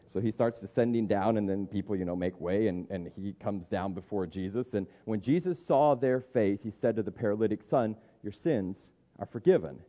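Low-voiced pastor, conversational sermon. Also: male voice, normal speed, hardly any pauses, warm tone, big-room sound. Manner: conversational, thinks aloud with restarts.

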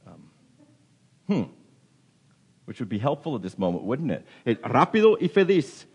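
Animated preacher man with a lively voice. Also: lowish voice, normal speed, breathy edge, lo-fi sound. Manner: animated, questioning, with many restarts. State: getting a cold. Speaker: pastor. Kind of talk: sermon.

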